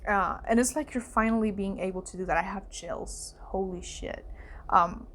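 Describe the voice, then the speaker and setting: A young adult woman giving a casual tarot reading, emotional and chatty, often dropping to hushed asides. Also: mid-range voice, moderate pace, a little hiss or hum. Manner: emotional, fillers and exclamations, voice softening to hushed asides. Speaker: psychic tarot reader. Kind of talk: casual spoken card reading.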